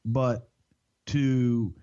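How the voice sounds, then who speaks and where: An older man with a Southern American accent, co-hosting a podcast and telling behind-the-scenes stories in a folksy, drawn-out way. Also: mid-range voice, little pitch movement, warm tone, muffled recording. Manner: folksy, drawn-out, swears casually. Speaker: podcast co-host. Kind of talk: casual storytelling.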